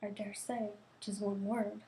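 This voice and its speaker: A woman's voice: mid-range voice, little pitch movement, normal speed, warm tone, a little hiss or hum, poor audio. Young woman reading a novel aloud, stumbling. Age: young adult. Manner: stumbling and restarting on words. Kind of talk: reading aloud with casual asides.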